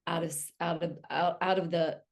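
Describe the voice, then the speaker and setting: A woman's voice: lowish voice, flat delivery, normal speed, vocal fry. Candid woman author as an interview guest. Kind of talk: casual interview chat.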